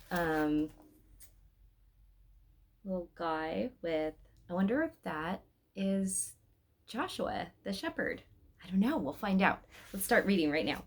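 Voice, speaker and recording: Lady reading a kids' story out loud, voice swings all over, chatty, laughs here and there. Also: lowish voice. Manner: chatty, laughs between lines, lively character voices. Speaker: children's read-aloud host.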